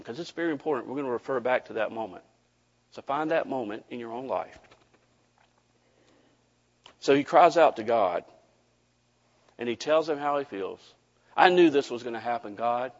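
Male pastor, folksy storyteller, church hall echo, muffled sound. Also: mid-range voice. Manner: folksy storytelling, animated, addresses the congregation. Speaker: preacher. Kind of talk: sermon with a personal story. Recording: dull audio with long hall reverb.

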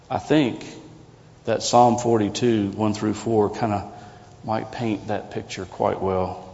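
A man's voice: medium pitch, slow pace, long pauses, dark tone. A man preaching a sermon as a pastor, conversational and earnest, asking the congregation rhetorical questions. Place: church sanctuary. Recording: lo-fi recording in a reverberant sanctuary.

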